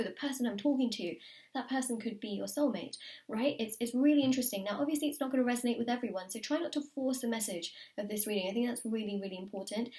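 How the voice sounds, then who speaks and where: A woman's voice: mid-range voice, darkish tone. A British woman talks through a tarot reading in an eager, emphatic way. She stacks up repeated words and gasps out little exclamations as the cards turn over. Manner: enthusiastic, repeats words for emphasis, drops to whispers. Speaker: tarot reader.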